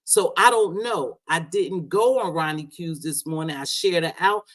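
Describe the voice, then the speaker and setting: A woman's voice: lowish voice, moderate pace. A middle-aged woman hosting a casual live stream chat, talking loosely, swearing now and then and calling people sweetheart and baby. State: unwell after medication. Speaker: livestream host.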